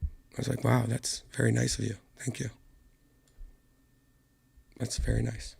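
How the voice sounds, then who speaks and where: A hoarse man hosts a casual solo stream, keeping his voice low and soft to spare it. His tone is gravelly and frayed, sitting at an ordinary pitch. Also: monotone, a little slow. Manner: speaks quietly and softly to spare his voice. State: hoarse, lost voice. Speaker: podcast host.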